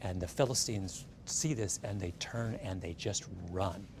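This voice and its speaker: A man giving a storytelling lecture, animated and often checking in with the audience with a quick "right?". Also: deep voice, slight background noise. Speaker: speaker giving a talk.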